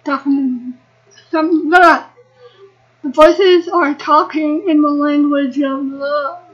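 Woman in her 20s, very high and unhurried, excitable let's-play commentator who talks to the characters. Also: highs cut off. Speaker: gaming video creator.

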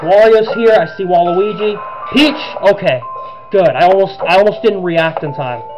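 A man giving excitable let's-play commentary on a horror game, narrating each move as he plays. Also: sits high, normal speed, highs cut off, music in the background. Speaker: gaming channel host.

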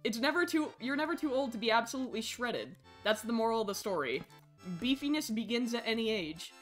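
A woman streaming a game and chatting with her viewers, excitable and squealing over cute animals, swearing casually, with faint game music behind her. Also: a little high, fairly quick. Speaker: Twitch streamer. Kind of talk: casual gaming livestream chat.

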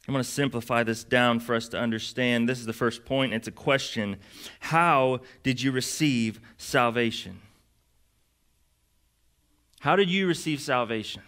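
A man's voice: mid-range voice, brisk, hardly any pauses, fairly bright tone. A young adult man preaching a sermon as pastor, in a casual, conversational way with lots of fillers.

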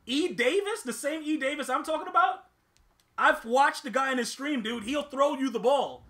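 Gaming host, male, very high bright voice, excitable slangy trash-talk commentary. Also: moderate pace. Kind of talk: ranting live gameplay commentary.

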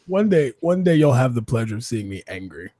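A man guesting on a podcast, joking and expressive in a casual chat. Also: medium pitch, brisk, no room sound, clean studio sound. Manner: expressive, joking, demonstrates voices.

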